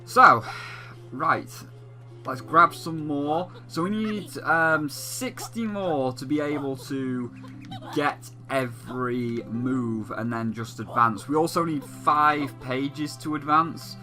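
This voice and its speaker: A young man rambles through casual gameplay commentary, talking in quick, chatty bursts. His voice has a very bright, sharp tone. Faint game music plays underneath. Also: a little high. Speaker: let's play gamer.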